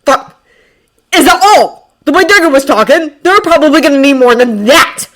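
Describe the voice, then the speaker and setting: Woman reader doing an angry growling teen boy, loud and lively. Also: sits high, moderate pace, pitched above the performer's own voice. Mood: furious. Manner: harsh whisper-shouting, growling. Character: furious foul-mouthed teenage boy, scowling.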